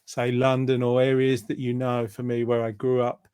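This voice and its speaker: A man's voice: medium pitch, monotone, normal speed, darkish tone, smooth, dry recording. A man hosting an online show, chatting in an upbeat way, laughing easily and reading out viewers' votes. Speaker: host. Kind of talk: casual chat.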